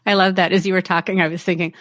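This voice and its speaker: A woman hosting a podcast interview, reflective and candid, often laughing softly. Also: fairly low pitch, level tone, very fast, dry recording, studio quality. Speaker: podcast host.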